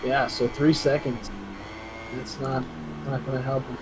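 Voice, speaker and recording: A man doing casual esports race commentary, chatty and quick to laugh, restarting his sentences often. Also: medium pitch, flat delivery, over music, rough recording.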